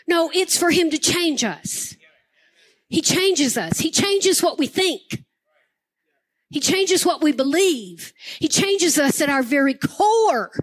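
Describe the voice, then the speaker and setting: An older woman pastor preaching a sermon with impassioned, emphatic repetition. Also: sits high.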